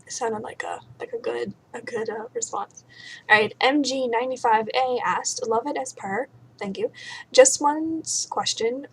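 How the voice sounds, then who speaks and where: A woman's voice: high-pitched, very animated, measured pace, creaky. Bubbly young woman rambling on a webcam. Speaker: vlogger answering viewer questions. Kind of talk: casual chat. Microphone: webcam mic. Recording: faint room noise, webcam mic.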